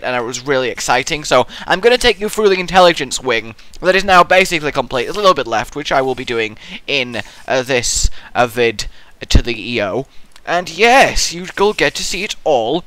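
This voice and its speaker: Excitable young man with a lively voice. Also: on the high side, smooth, no room sound. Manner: excitable, rambling, acts out the player's thoughts in silly voices. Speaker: gaming channel host. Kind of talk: Let's Play commentary.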